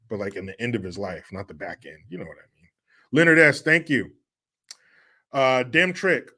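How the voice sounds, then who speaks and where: A man hosting a livestream, reading viewer chat aloud and bantering in a loud, profane, joking way, often laughing and teasing rival fans. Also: medium pitch. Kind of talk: casual chat.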